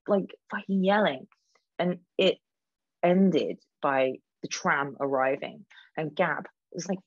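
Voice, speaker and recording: A woman's voice: lowish voice, no room sound. Chatty woman telling a story over a lo-fi call. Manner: chatty, many fillers, swears freely. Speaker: guest speaker. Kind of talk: casual storytelling talk. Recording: dull lo-fi call audio.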